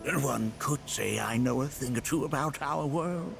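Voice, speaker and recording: Bugenhagen, a gravelly old game sage. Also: male voice, medium pitch, a little slow, noisy background. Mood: kindly. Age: older. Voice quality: gravelly, chuckling. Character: wise, chuckling old male canyon sage. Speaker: elderly scholar character in a video game. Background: game music.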